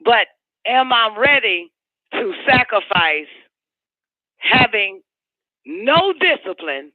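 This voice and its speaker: A man's voice: very high voice, very animated, slow, dry recording. A man hosting a live call-in radio show, rambling on with heavy profanity and emphatic repeats. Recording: dry, phone-like radio sound.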